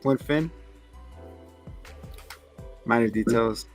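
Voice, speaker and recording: A man talking loosely through a plot recap with a medium-pitched voice. He laughs easily and slips into quick impressions. Faint music plays behind him. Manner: rambling, laughs often, acts out lines from the show. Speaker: podcast co-host. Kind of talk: casual review chat.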